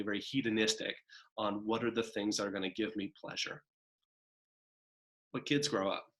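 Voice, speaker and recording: A man delivers a recorded college psychology lecture with a somewhat low voice. He talks casually, filling his points with "right?" and "kind of" as he walks through slides. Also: fairly bright tone. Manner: conversational, frequent "right?" and "kind of" asides; acts out a demanding child's voice in examples.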